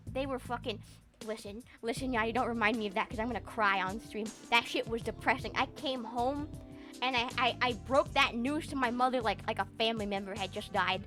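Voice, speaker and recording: A young woman talks to her stream from a home desk mic, her voice high and bright. She rambles in an animated, profane way with plenty of fillers. Soft music plays faintly underneath. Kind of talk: casual livestream chat.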